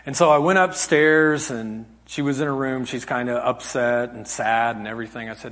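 A man preaching a sermon as pastor, telling a family story with animated swings from loud acted quotes to hushed, soft tones. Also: medium pitch, normal speed, hardly any pauses, big-room sound. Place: church hall.

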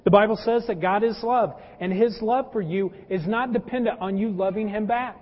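A man's voice: high voice, normal speed. A male pastor delivering a conversational sermon, calling his listeners folks and mixing in personal stories and humor. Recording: dull lo-fi with long hall reverb.

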